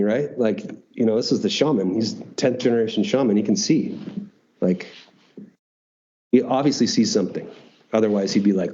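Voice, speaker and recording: A man telling a personal story as an interview guest, animated, swearing now and then and acting out dialogue. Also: on the low side, moderate pace, long pauses, dull audio. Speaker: guest, retreat founder.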